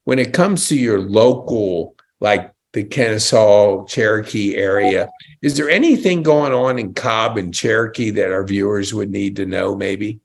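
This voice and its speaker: Chatty guy hosting a podcast, kinda raspy, gets excited a lot. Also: on the low side, measured pace. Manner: enthusiastic, chatty, exclamations. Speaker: podcast host. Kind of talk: casual interview chat.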